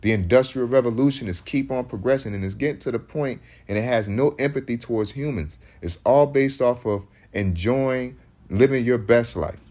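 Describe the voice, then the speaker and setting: A man's voice: medium pitch, normal speed, darkish tone. Man, preaching street talk, rambling, emphatic, many restarts.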